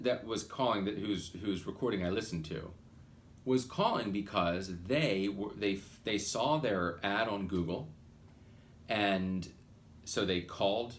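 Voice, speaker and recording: A man hosting a podcast, talking through a business lesson in a rambling, animated way that often breaks off mid-phrase and restarts. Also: low-pitched, slight background noise. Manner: animated, rambling, self-interrupting. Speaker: podcast host, marketing consultant. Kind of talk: casual monologue with acted quotes.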